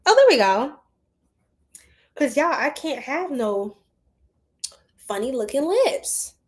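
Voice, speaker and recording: A woman's voice: sits high, big pitch swings, slow. A woman giving a casual psychic tarot reading to her viewers, chatty and full of slang, often laughing.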